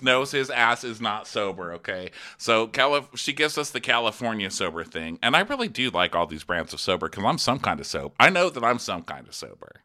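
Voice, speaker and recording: A man's voice: fairly low pitch, sharp tone. A man co-hosting a comedic recap podcast, sardonic and profane, laughing through his commentary. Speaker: podcast co-host.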